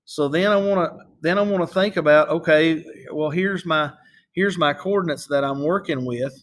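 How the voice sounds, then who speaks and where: A man's voice: on the high side, normal speed, a bit bright, slight background noise. A man teaching a math lesson over a screen recording, explaining step by step in a patient way and often checking in with "okay?".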